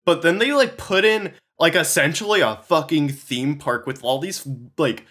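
A man's voice: on the high side, moderate pace. A young man co-hosting a podcast in casual chat, swearing often as he talks. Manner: animated, swears a lot. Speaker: podcast co-host.

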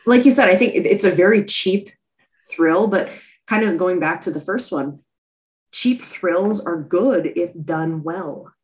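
A woman in her thirties co-hosting a casual podcast, talking in halting, easygoing bursts. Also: lowish voice, animated. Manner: casual, halting, many fillers and restarts. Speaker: podcast co-host. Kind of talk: casual chat.

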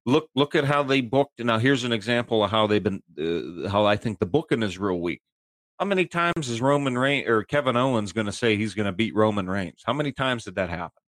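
A man co-hosting a podcast in casual chat, animated and rambling, often stumbling and repeating his words. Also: on the low side, brisk, no echo, studio quality. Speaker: podcast co-host.

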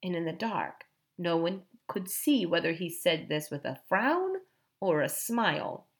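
A woman narrating a children's fantasy audiobook, expressive and voicing each character. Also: lowish voice, unhurried. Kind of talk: storybook narration.

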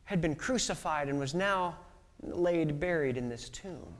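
A male pastor delivers a sermon, telling a story with quoted voices and lurching between loud outbursts and hushed whispers. His voice sits high and his pace is a little slow.

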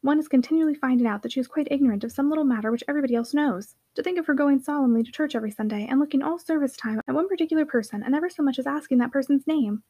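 Bright, eager little girl, high and quick, done by a woman. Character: lively, chatty, charming little girl.

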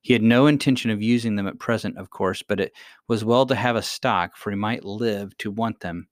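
Low-voiced man reading a storybook. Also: fairly quick, dry recording, clean studio sound. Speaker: audiobook reader. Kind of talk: storybook narration.

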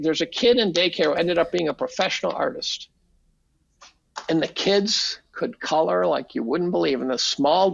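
Gravelly older man telling profane stories. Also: high-pitched, lo-fi sound. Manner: animated, profane, acts out quotes. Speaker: podcast guest. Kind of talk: casual storytelling.

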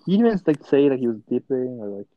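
A man's voice: medium pitch, big pitch swings, fast talker, muffled recording, a little hiss or hum. A young man in casual chat with friends, rambling with lots of "bro" and "like", on headphones over a call. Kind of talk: casual chat about basketball.

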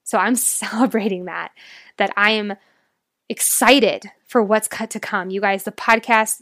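A woman's voice: medium pitch, fairly bright tone, no room sound, studio quality. A young adult woman hosting a solo podcast as a life coach, speaking in an earnest, emotional, motivational way.

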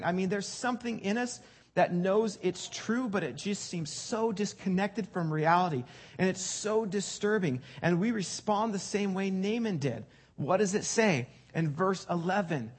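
A man's voice: sits high, breathy edge. A male pastor preaching a sermon in a conversational way, often repeating words for emphasis.

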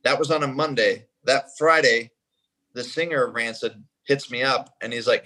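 A man who plays drums, telling a story in casual conversation in an animated way and acting out what people said. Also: medium pitch, moderate pace, rough recording. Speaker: guest, drummer.

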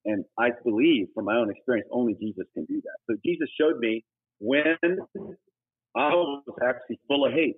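Man, middle-aged, missionary guest, breathy voice, passionate testimony, sudden loud emphatic peaks, thin phone-quality sound. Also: normal speed. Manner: earnest and preachy, with sudden emphatic high bursts. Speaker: guest, humanitarian missionary leader. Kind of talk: personal testimony in conversation. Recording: tinny phone-like audio.

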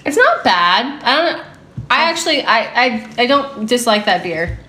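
A woman's voice: a little high, sing-song, measured pace, bright, forceful tone. A woman co-hosting a podcast in casual chat, goofy and rambling. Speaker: podcast co-host. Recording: roomy echo, faint background hum.

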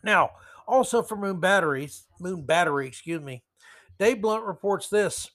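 A man's voice: sits high, lively intonation, normal speed, fairly bright tone. A man hosting a solo commentary podcast, reading news quotes and adding sarcastic, rambling asides. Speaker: podcast host.

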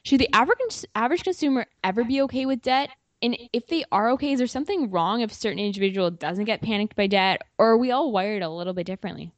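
A woman's voice: fairly high pitch, lively intonation, fast talker, hardly any pauses, dry recording. A woman hosting a finance talk, reading questions from an article with fillers. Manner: reads questions from notes, with fillers. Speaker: host. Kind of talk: interview questions.

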